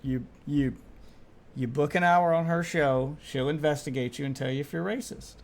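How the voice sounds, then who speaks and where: Streamer co-host, male, gravelly and wry, light background noise. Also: on the high side, moderate pace, darkish tone. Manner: sarcastic, joking. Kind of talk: casual reaction chat.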